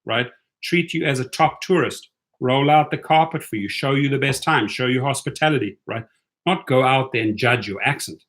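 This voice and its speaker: A man's voice: medium pitch, moderate pace, a bit bright. A man hosting a casual livestream, chatting with viewers in a loose, talkative way and often tagging his points with "right?". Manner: chatty, keeps asking "right?". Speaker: rideshare channel host.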